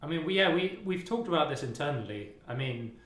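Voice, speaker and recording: A man's voice: fairly high pitch, expressive, brisk, a bit bright. A man co-hosting a game stream, talking casually and hesitantly with many fillers. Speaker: game developer co-host. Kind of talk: casual chat. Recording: roomy studio sound.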